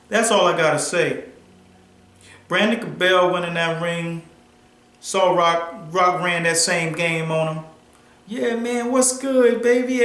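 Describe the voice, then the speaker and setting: A man's voice: on the high side, a bit bright. A man, a boxing trainer, telling a sparring story to camera in slangy, emphatic talk. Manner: slangy, emphatic, drawn-out delivery. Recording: roomy echo.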